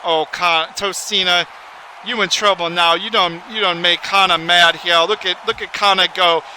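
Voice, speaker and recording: A man giving excitable, folksy, rambling play-by-play commentary on a wrestling video game. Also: high voice, moderate pace, slight background noise, poor audio.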